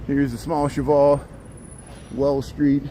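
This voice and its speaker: Walking a city street on a livestream, this host rambles and chats with his viewers amid faint traffic and street noise. He has a mid-range, dark voice with flat delivery and takes it slowly.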